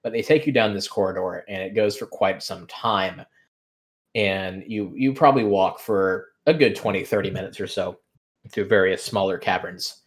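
Deep-voiced man narrating as game master. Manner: relaxed, rambling narration with many fillers.

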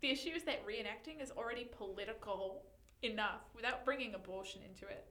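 A young woman co-hosting a podcast in casual chat, animated and giggly, often reading posts aloud. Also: fairly high pitch, quick pace, echoey room. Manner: giggly, animated, breaks into loud laughter. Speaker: podcast co-host.

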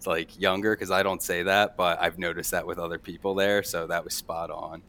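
A man's voice: low-pitched, level tone, moderate pace, a bit bright. A man with a Philadelphia-area accent telling stories in a rambling casual chat, with many fillers and laughs. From Delaware County, Pennsylvania.

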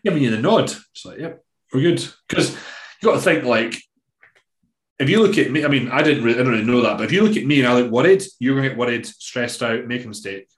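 A man's voice: medium pitch, fast, echoey room. A Scottish man, a bodybuilding coach, chatting casually on a podcast, telling stories loosely with lots of swearing and fillers. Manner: swears freely, relaxed storytelling with many fillers.

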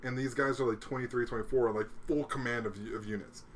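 A man's voice: medium pitch, steady tone, quick pace, a little hiss or hum. A man casually telling a profane, laid-back story among friends, acting out the people in it.

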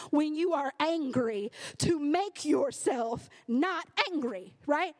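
High-voiced woman preaching with emphasis. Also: animated, takes it slowly, a little mellow. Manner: conversational, emphatic, frequent "right?" asides. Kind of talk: sermon.

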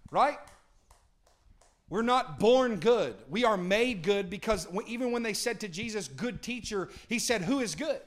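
A man preaching a dynamic sermon with a notably high voice. He swings from booming emphasis to hushed asides and calls on the congregation to answer back. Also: expressive, measured pace. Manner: talks with the congregation, asks for responses.

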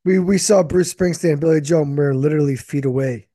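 Male podcast co-host, rapid, mellow, slightly higher voice, brief interjections. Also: no room sound. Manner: brief interjections and quick questions. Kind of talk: casual podcast chat.

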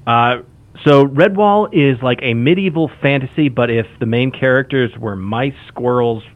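A podcast guest with a medium-pitched voice talks at normal speed in casual chat, enthusiastic and rambling, restarting often. The audio is lo-fi and sounds like a phone.

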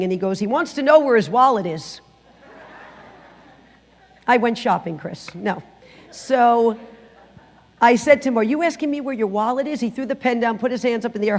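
A middle-aged woman sharing her personal testimony in church, telling the story with lively acted-out quotes. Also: a little high, gravelly, long reverb tail. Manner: animated storytelling, acting out quotes. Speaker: guest speaker giving testimony. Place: church sanctuary.

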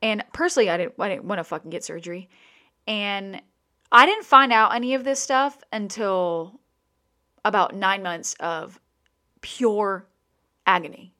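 A young adult woman talks straight to her listeners about something personal. She is candid and emotional, swears freely and often stops to restart a sentence. Her pitch sits in a normal middle range. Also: lively intonation, unhurried, long pauses, bright, forceful tone.

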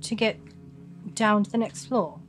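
A woman's voice: mid-range voice, measured pace. A woman playing a tabletop role-playing game, asking questions and stating her character's actions. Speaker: player. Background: music.

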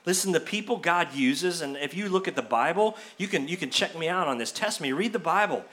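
Male pastor, high bright voice, lively church sermon that dramatizes the excuses he quotes. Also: moderate pace, few pauses. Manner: animated preaching, acts out quoted excuses in a higher voice. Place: church sanctuary.

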